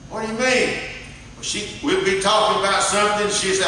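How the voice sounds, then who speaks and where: Older man, folksy pastor mid-sermon; bright tone, distant mic in a reverberant church hall. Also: high voice, steady tone, a little fast, slight background noise. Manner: folksy storytelling with frequent restarts.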